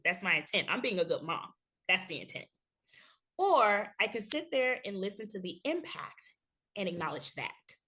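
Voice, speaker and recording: Woman, thirties, interview guest; lowish voice, animated, laughs often, builds her points in repeated phrases. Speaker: guest, workplace HR consultant and trainer. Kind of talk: conversational interview answer.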